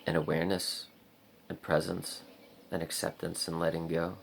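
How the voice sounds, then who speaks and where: A man's voice: deep voice, level tone, moderate pace, vocal fry, slight background noise. A man telling a story in a casual vlog, rambling with lots of "like" and frequent swearing. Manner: rambling, heavy use of "like" and swearing. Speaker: vlogger.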